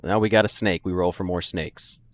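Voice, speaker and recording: A man's voice: low voice, steady tone, brisk, faint music behind. A young man casually commenting on his game for a live stream, joking, laughing and answering chat. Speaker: gaming streamer. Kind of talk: casual let's-play commentary.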